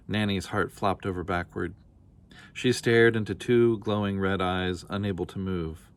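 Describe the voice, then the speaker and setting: A man calmly reading a children's picture book aloud in a measured storytelling manner. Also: low voice. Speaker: storybook reader.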